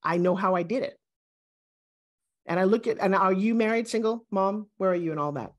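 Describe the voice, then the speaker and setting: A woman in her sixties, a guest, talking in an emphatic, animated and self-assured way in a motivational interview. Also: mid-range voice, fairly quick, highs cut off. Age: 60s.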